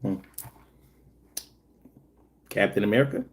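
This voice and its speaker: A man hosting a casual livestream, reading chat and telling joking, profane stories. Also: slow. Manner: animated, swings high when telling stories.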